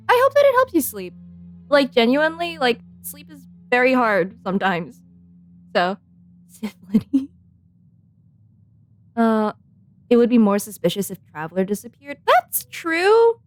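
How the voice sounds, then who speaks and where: A woman streamer giving playful, giggly commentary while she plays a game and talks back to the characters. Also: a little high. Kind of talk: casual gameplay commentary. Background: faint game music.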